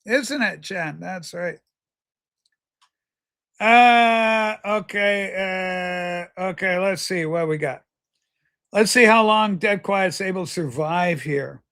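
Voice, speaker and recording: A man with a high, bright voice hosts a casual livestream from home. He rambles and jokes, answering chatters by name. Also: takes it slowly. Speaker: livestream host. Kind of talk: casual livestream chat reading viewer comments.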